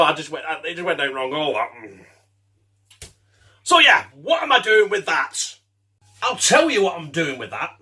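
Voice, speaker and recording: A man's voice: sits high, bright, forceful tone, breathy edge. A man hosting a casual home cooking show, chatty, laughing and swearing as he works in his kitchen.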